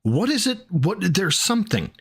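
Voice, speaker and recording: A man streaming, pausing a clip to talk back at it in exasperated, profane casual commentary. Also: sits high, big pitch swings, husky. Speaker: streamer reacting to a video.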